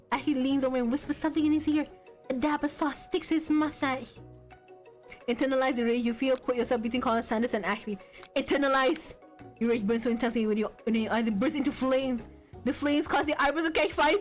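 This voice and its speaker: A high-voiced woman VTuber streams a game, reading its text aloud and breaking into loud outcries and laughter.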